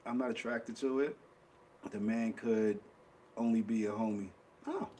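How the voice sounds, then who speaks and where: A man's voice: lowish voice, measured pace, mellow, a little hiss or hum. A man, chatting bluntly on a podcast and mimicking other people's voices. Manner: blunt, acts out quoted voices. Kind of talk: casual chat.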